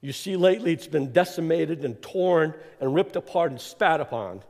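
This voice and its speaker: A man giving an energetic, rambling address as guest speaker in a church, with lots of fillers and emphatic repeats. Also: a little high, moderate pace. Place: church sanctuary. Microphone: clip-on mic that keeps slipping. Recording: echoey church hall.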